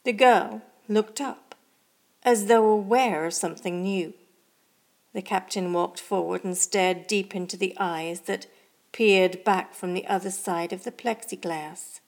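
A woman narrating a science fiction story for her podcast, reading slowly and steadily. Her voice sits at a middle pitch. The delivery is measured and scripted. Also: fairly even intonation.

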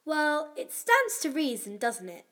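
Man putting on a tiny high-pitched girl, sing-song, bouncy, innocent-sounding with a sinister edge, storybook reading. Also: huge pitch swings, unhurried, pushed and bright, full character voice. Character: sweet-seeming little girl, secretly sinister.

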